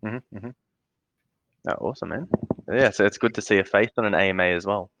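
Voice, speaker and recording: A man's voice: lowish voice, a little fast, fairly bright tone, no echo. An Australian man hosting a live online Q&A over a video call, laid-back and chatty. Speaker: AMA host. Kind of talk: casual live-stream Q&A hosting. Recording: dull lo-fi video call audio.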